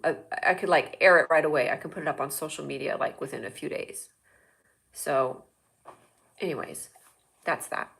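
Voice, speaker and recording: A woman's voice: mid-range voice, a bit bright. A woman hosting a livestream show, chatting in a rambling, jokey way straight to her viewers. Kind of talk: casual livestream chat.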